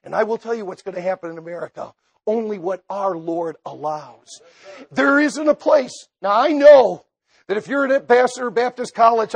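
Middle-aged preacher guy, raspy gravelly voice, goes quiet then loud. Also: high voice. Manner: dramatic swings from hushed to loud. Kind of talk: sermon.

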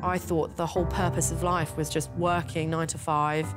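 A woman's voice: deep voice, flat delivery, moderate pace. A woman, a contestant speaking frankly and reflectively to camera. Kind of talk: interview to camera. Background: music.

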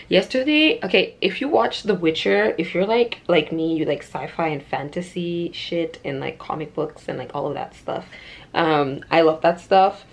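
A young woman vlogging in a casual, bubbly way, chatting on with lots of fillers. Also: lowish voice. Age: young adult. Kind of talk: casual vlog chat.

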